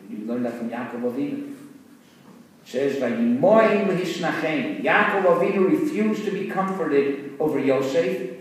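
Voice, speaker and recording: A man's voice: fairly high pitch, lively intonation, normal speed. A man, a rabbi, teaching students in an earnest, explanatory way, mixing Hebrew terms into his talk. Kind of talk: Torah lecture with storytelling. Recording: echoey hall, voice from far off.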